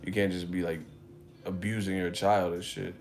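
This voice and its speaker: A man's voice: low voice, flat delivery, moderate pace, vocal fry, a little mellow, a little hiss or hum. A man hosting a live stream, telling stories in a loose, profane, laughing way. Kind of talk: casual chat.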